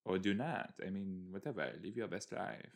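A man's voice: sits low, expressive, normal speed. A man in his early twenties chatting casually as he reacts to a TV episode, exasperated and talking back at the screen. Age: early 20s. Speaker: show reaction host.

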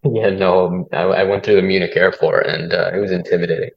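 Relaxed young guest, low voice. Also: male voice, brisk, gravelly, lo-fi sound. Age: young adult. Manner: relaxed, chuckling, hesitant with fillers. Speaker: guest, political science student. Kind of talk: casual interview chat.

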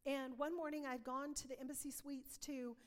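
High-voiced woman preaching a testimony. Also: steady tone, moderate pace, long reverb tail. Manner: earnest storytelling, acts out dialogue. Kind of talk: testimony sermon.

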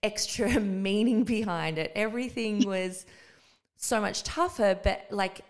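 A woman's voice: medium pitch, measured pace. A woman co-hosting a podcast, telling a personal story in a loose, casual way with easy laughs. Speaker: podcast co-host. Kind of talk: casual chat.

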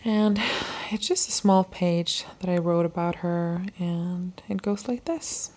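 A woman podcast host reading her personal journal letters aloud in a soft, intimate, heartfelt way. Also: fairly low pitch, steady tone, slow pace, hardly any pauses.

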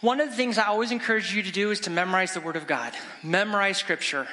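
A middle-aged man, a guest evangelist, preaching an animated, exclamatory storytelling sermon in a church sanctuary. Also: sits high, fast. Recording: long church reverb.

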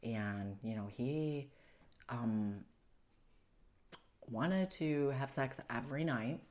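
Female guest, very low register, earnest and halting personal account. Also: a little mellow. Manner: earnest, halting, with frequent fillers and restarts. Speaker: guest recounting domestic abuse. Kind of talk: personal storytelling in an interview.

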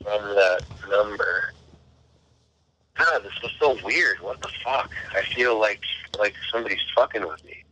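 A man's voice: on the low side, unhurried, pushed and bright, a little hiss or hum. A man telling, as a caller, the story of a strange phone call, swearing casually and acting out both sides of the exchange. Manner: profane, retells dialogue in quoted voices.

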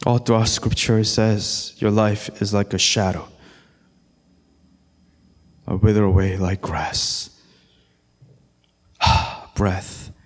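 A man's voice: on the low side, level tone, takes it slowly, long pauses. A man as pastor preaching a sermon, his voice building in intensity and slipping into song now and then. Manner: preaching with rising intensity, sometimes singing.

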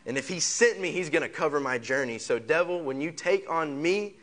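The pastor's fairly high pitch and lively intonation move a little fast, with a fairly bright tone, as he preaches. Through repeated phrases and piled-up rhetorical questions, he leads the congregation in call-and-response, getting them to echo his lines.

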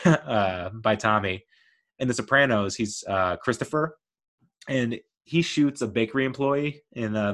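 Rambling, enthusiastic male podcaster. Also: fairly low pitch. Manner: rambling, enthusiastic, lots of fillers and laughs. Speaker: podcast host. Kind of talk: casual movie review podcast.

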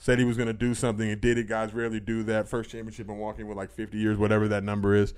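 A man's voice: fairly low pitch, completely flat delivery, rapid-fire, darkish tone, smooth. A young man talking as a podcast guest in casual chat, blunt and profane with lots of fillers.

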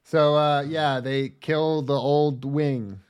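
A man's voice: a little high, steady tone, takes it slowly, darkish tone, clear, resonant tone. Jokey man riffing on anime. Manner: jokey, acts out characters in silly voices. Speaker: podcast co-host. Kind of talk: casual anime review chat.

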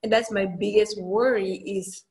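A woman hosting a podcast who asks probing, engaged questions. She talks quickly, in a casual way, with a mid-range voice. Her background is in law. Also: medium pitch, steady tone, darkish tone. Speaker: podcast host, former lawyer. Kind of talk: conversational interview.

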